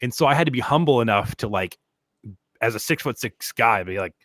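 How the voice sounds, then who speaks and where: A man's voice: medium pitch, lively intonation, a little fast, fairly bright tone, dry recording. A man co-hosting a podcast, telling stories in casual chat with lots of fillers. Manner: rambling storyteller, many fillers. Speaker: podcast co-host.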